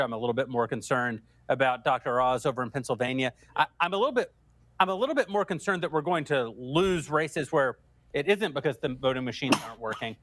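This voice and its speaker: A man's voice: mid-range voice, fairly bright tone, no echo. A man, a guest commentator, talking politics in an earnest, hedging way with restarts. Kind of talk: casual political chat.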